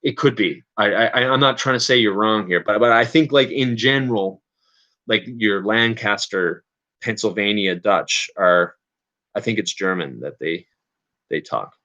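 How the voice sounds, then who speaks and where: Hosting a relaxed livestream, this man from Canada speaks a little slowly in a fairly low voice with a pushed, bright quality. He's hesitant and meandering, full of fillers, restarts and self-corrections, and the audio sounds dull.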